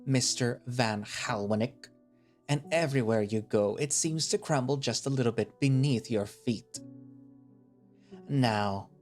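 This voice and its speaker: A man's voice: mid-range voice, darkish tone, close to an everyday voice. A man voicing a cold, scornful leader. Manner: slow, condescending, cutting.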